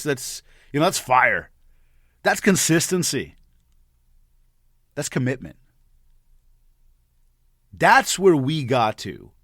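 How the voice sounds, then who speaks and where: A man of about forty, a podcast host, telling an animated story and often repeating words as he gets worked up. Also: mid-range voice, dry recording, clean studio sound. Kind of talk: storytelling monologue.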